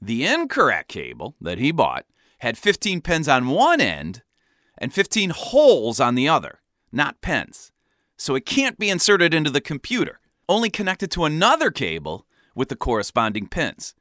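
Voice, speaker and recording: A man telling a comic first-person story in a wry, animated way. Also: on the high side, normal speed, dry recording, clean studio sound.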